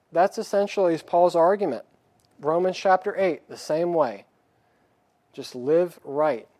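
With a fairly high-pitched, darkish voice and no echo, a man preaches a plain-spoken sermon. He reads scripture aloud in a raised voice and acts out the people's pleading voices.

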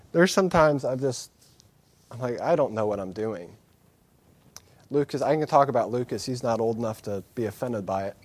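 In a medium-pitched, slightly mellow voice with no room sound, a man delivers an earnest, candid sermon. Repeated phrases press his points, and self-deprecating asides surface along the way.

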